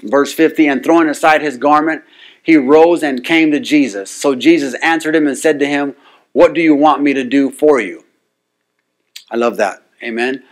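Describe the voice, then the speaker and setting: A man's voice: a little high, moderate pace. Preacher man calling out amen. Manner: call-and-response, frequent "amen?" to the congregation; builds to rising, insistent repetition. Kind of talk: sermon.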